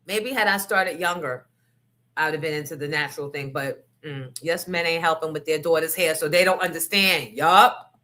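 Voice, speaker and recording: Candid, bright-voiced woman host. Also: low voice, normal speed. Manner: candid, profane storytelling with asides to the audience. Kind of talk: casual podcast chat.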